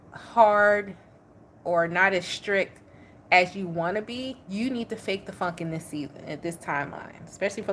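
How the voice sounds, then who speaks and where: A woman giving a casual tarot reading in an animated, slangy way, repeating points for emphasis. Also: lowish voice, slight background noise. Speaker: tarot reader.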